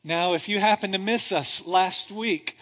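Pastor, male, high-pitched voice, animated conversational sermon delivery, lots of "right?", in a church with long reverb. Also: unhurried. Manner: animated, conversational preaching with rhetorical questions. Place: church sanctuary. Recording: reverberant hall.

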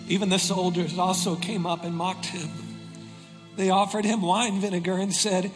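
A male pastor with a high voice delivers a sermon, reading scripture with dramatic weight and sinking into quiet intensity. His voice rings out through a long reverberant hall. Music plays steadily beneath him. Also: steady tone, normal speed. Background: soft music.

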